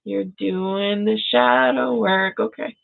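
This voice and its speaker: Excitable woman reading tarot, tinny audio. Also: medium pitch, slow pace, gravelly. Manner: gushing, excitable, addresses viewers by name. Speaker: tarot reader. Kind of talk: live-stream tarot reading.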